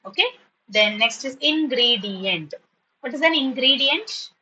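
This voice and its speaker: A woman teaching spoken to school students in an online class, patiently repeating words slowly to model their pronunciation. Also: sits high, bright, forceful tone, highs cut off.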